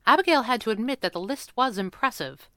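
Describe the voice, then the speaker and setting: Bright, crisp woman storyteller. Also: on the high side, animated, fast talker, no room sound, studio quality. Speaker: narrator. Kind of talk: storybook reading.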